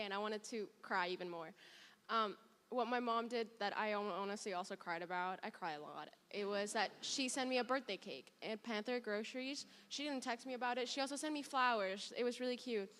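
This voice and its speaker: A woman's voice: medium pitch, fairly quick, fairly bright tone. A young woman student from abroad, sharing a candid, emotional personal story on a panel. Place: performing arts hall. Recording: long reverb in a large hall.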